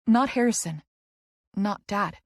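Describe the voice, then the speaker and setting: A woman's voice: mid-range voice, slow pace, no room sound. A woman narrating a first-person romance audiobook in an intimate, emotional storytelling manner on a close studio mic.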